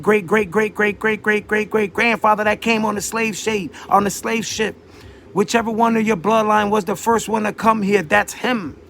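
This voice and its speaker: Man, gravelly and fairly high, delivering a profane, preachy solo rant, faint hiss behind. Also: a bit bright. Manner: profane, preachy, repeats words for emphasis. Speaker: vlogger. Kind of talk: unscripted monologue rant.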